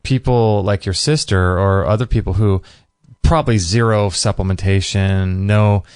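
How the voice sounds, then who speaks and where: A man's voice: fairly low pitch, fairly even intonation, moderate pace, a little mellow, smooth, no echo, clean studio sound. A man in his thirties hosting a podcast, explaining his views in an earnest, casual way. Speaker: podcast host. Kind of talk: casual chat.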